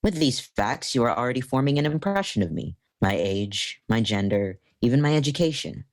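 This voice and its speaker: A man with an American accent performing a spoken-word monologue in a calm, matter-of-fact and precise way. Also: medium pitch, moderate pace. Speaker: storyteller.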